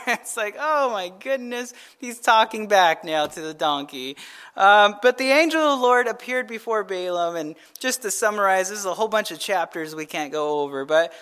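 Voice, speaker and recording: A male pastor giving a conversational Bible teaching, retelling scripture in a casual, animated way and often checking in with "right?". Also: high voice, moderate pace, clear, resonant tone.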